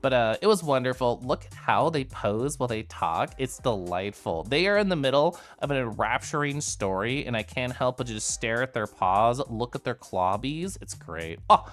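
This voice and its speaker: A man's voice: mid-range voice, expressive, moderate pace, hardly any pauses, fairly bright tone, faint music behind. A man chatting casually to his livestream viewers, giggly and bubbly, with lots of asides. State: tipsy from whiskey earlier. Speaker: streamer recapping VR chat meetups.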